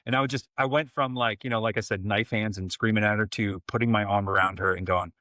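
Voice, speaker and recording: A man in his forties talks through a story as a podcast guest. His voice sits somewhat low, and he often restarts his sentences and acts out what people said. The sound is dry and close, with no room around it. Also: fairly even intonation, fast talker, sharp tone, dry recording. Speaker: podcast guest, life coach. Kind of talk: casual interview conversation.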